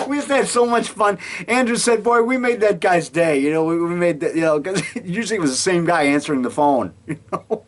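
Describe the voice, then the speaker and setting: In his home basement, a middle-aged amateur filmmaker rambles casually, telling stories full of chuckles and acted-out quotes. His voice is high, with lively intonation and a fairly quick pace.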